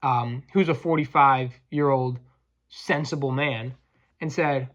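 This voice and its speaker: Casting: profane podcast host, crude combative rant, mid-pitch, dull lo-fi recording. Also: male voice, fairly even intonation, takes it slowly, a bit bright. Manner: crude, combative, stumbling restarts.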